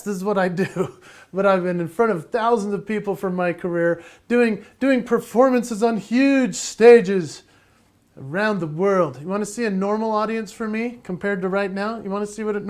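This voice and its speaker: A man giving a playful, energetic virtual keynote from his home, laughing often and slightly out of breath. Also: sits high. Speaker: motivational speaker and entertainer.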